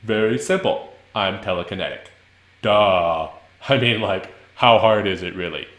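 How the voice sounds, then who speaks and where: A man's voice: on the low side, measured pace, a bit bright, roomy sound. A man voicing a proud male worm adventurer who speaks pompously about himself. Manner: pompous, self-important.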